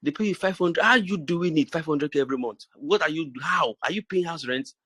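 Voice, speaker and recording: A man's voice: fairly high pitch, fairly quick, a bit bright, slightly rough, no echo. A middle-aged man with a Nigerian accent, giving a preachy motivational talk to his business group with many restarts and repeated phrases. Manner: preachy and repetitive, stammers and restarts.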